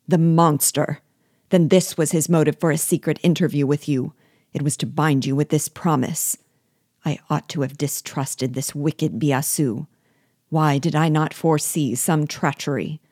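A woman reading the part of a passionate young man, loyal and quick to anger, with urgent, indignant questions. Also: sits low, steady tone, a little mellow, breathy edge, dry recording, studio quality.

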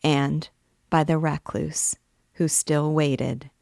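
Low-pitched woman reader, slow and measured literary narration, some vocal fry. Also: fairly even intonation, a little mellow, no echo, studio quality. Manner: measured, deliberate reading. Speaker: book reader and guide. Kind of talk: literary read-aloud narration.

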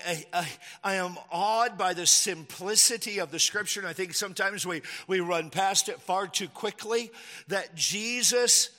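A man preaching a sermon as a pastor, animated, acting out the people he speaks of in a raised voice. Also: sits high. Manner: animated, acts out the disciples' lines in a raised voice. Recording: echoey hall with long reverb.

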